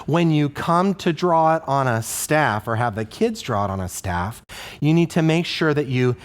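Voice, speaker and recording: A man's voice: a little high, expressive, normal speed. A male elementary music teacher explaining a singing game to other teachers, asking the viewer questions and chanting rhythm syllables. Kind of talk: instructional video for music teachers.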